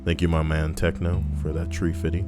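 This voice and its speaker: A fairly low male voice reads workplace stories on a stream, swearing freely and tossing quick, wry asides to his chat. Music plays steadily beneath him the whole time. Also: monotone. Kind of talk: casual live stream narration. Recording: background music playing.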